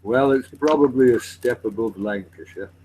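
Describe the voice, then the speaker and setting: A man chatting casually over voice chat, asking curious questions in a relaxed way. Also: medium pitch, normal speed, a little hiss or hum, rough recording.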